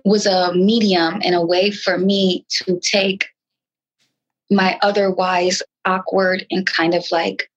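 A woman from New York, a rapper talking in a casual interview, with a nasal voice and halting speech full of restarts. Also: level tone, dull audio. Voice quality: nasal, sometimes high-pitched. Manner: frantic, halting speech with many restarts and fillers. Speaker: rapper guest.

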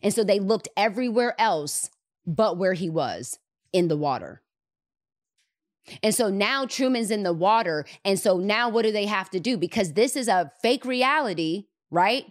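A woman hosting a podcast, retelling a movie scene in an animated way and repeating words for emphasis. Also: mid-range voice, moderate pace, no room sound, studio quality. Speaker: podcast host. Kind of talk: retelling a movie in casual chat.

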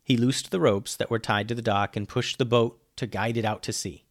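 A man narrating a children's pirate adventure at a middle pitch. He tells it lively and plain, dropping his voice for the speech tags. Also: fairly quick. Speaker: storyteller. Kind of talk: reading a children's adventure story.

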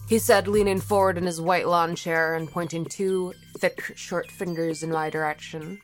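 A woman's voice: low-pitched, steady tone, normal speed, few pauses, faint music behind. A young woman from Florida narrating a first-person story in a wry, conversational way. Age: young adult.

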